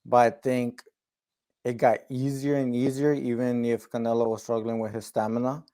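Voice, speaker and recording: A man's voice: mid-range voice, little pitch movement, normal speed, dark tone, poor audio. Man chatting sports, thinking aloud. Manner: thinks aloud with lots of "like" and restarts. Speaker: co-host. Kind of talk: casual sports chat.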